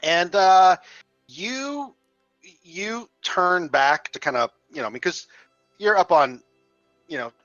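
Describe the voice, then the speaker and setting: A man narrating a tabletop game as game master, halting and restarting often. The recording sounds slightly dull and dry. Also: high voice, animated, fairly bright tone, no room sound, soft background music. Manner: halting, many fillers and restarts.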